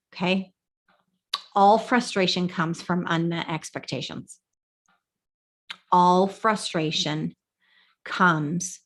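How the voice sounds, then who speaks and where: Earnest woman coach teaching. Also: medium pitch. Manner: earnest, emphatic, repeats key points. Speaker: life coach. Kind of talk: teaching talk to camera.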